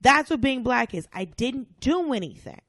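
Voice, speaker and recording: A woman from the American South, a comedian guest on a podcast, telling stories in a blunt, profane, animated way. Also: a little high, normal speed, dry recording. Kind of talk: casual chat.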